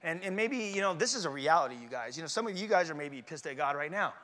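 A man's voice: fairly high pitch, lively intonation, fast, a bit bright. Guy preaching a story sermon, slangy and casual, acts out his own lines, echoey big hall. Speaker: conference speaker.

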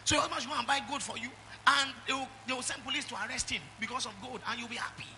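A middle-aged Nigerian-accented man preaching a sermon in church, calling out to the congregation and swinging from loud exhortation to quiet asides. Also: extremely high pitch, fairly even intonation, very fast, vocal fry, slight background noise. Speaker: pastor.

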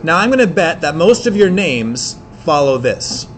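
A man teaching an English class, explaining in quick bursts with many fillers and restarts. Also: fairly high pitch, big pitch swings, a little hiss or hum. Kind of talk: classroom lecture.

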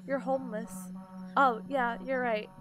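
A woman's voice: fairly high pitch, fairly even intonation, unhurried, lo-fi sound, over music. A sleepy woman streamer chatting casually with her viewers, giggling often and greeting people in chat.

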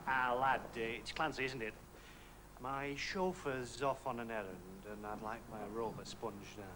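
A man playing a high-handed factory foreman. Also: normal speed, natural voice. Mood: curt. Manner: curt and commanding. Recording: hissy old television broadcast.

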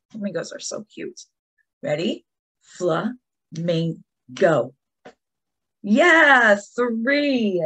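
A woman teacher leads a children's lesson, her voice swooping high and low as she encourages the kids. She speaks slowly and deliberately, with a slightly husky tone. She sounds animated and warm toward her young audience.

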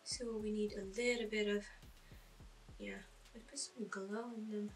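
A beauty vlogger gives a casual makeup tutorial in a mid-range, level-toned voice, speaking a little slowly into a distant mic. She is chatty and self-deprecating, poking fun at herself and thinking aloud with fillers as she works.

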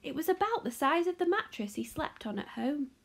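Woman teacher, storybook read-aloud, expressive and lively. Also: sits high, brisk, vocal fry. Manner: expressive, animated reading. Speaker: teacher reading a class novel.

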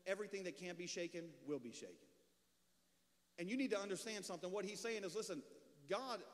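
A man preaching as a pastor, telling a lively story and swinging between loud bursts and low, hushed lines. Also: quick pace. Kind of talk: storytelling sermon. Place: church sanctuary. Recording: long church hall reverb.

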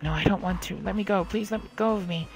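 A man's voice: high voice, flat delivery, quick pace, slight background noise, voice pushed up, lightly acted. A man doing a terrified little girl. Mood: panicked. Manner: pleading, screaming for help. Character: frightened young girl, a captive child.

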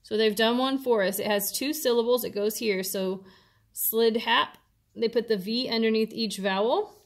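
A woman teacher, patiently explaining a worksheet step by step to her students. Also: fairly high pitch. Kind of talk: classroom instruction video.

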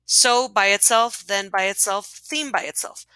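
A woman teacher records a clear, encouraging voice-over lesson for her pupils. Her tone is bright and her voice sits close to the mic, with no room echo. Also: mid-range voice, a little slow.

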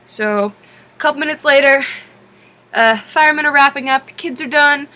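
High, bright-voiced young woman telling a story. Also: moderate pace. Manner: exasperated, lively, acts out her own lines. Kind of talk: animated storytime narration.

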